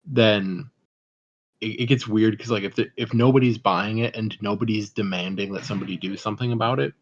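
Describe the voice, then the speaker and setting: A young man co-hosting a podcast, chatting casually in a rambling, deadpan way full of "like". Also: on the low side, a little fast, dull audio, slight background noise. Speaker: podcast co-host. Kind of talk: casual chat.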